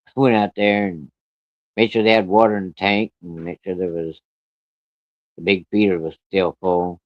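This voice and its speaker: A man with a fairly low voice tells a true-life story in a loose, folksy, rough-spoken way, chuckling as he talks. The recording is dry and dull, a little lo-fi. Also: level tone, normal speed, dry recording.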